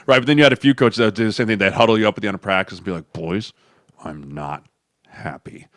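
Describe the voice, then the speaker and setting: Man, low voice, dry studio sound, casual sports podcast chat, acts out the voices in his stories. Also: dry recording. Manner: animated storytelling, acts out coaches and players in quick voices, says "right?" a lot. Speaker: podcast co-host, former NFL lineman.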